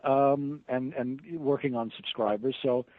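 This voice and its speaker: A man's voice: medium pitch, fairly even intonation, measured pace, dry recording. A man calls in as a publisher guest and chats in an easygoing, conversational manner. His mid-range voice comes through a thin, tinny phone line with a dry sound. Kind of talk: casual radio interview.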